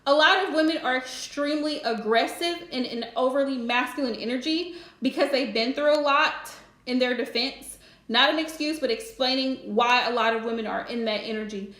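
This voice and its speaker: A woman's voice: sits high, normal speed, a bit bright, reverberant. A woman hosting a live stream and giving relationship advice in a chatty, direct way, laughing often. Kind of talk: casual live-stream chat.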